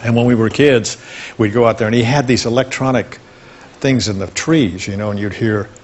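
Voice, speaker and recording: An older man, a talk show guest, reminiscing fondly and at an unhurried pace about his past. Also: medium pitch, fairly even intonation, muffled recording, a little hiss or hum.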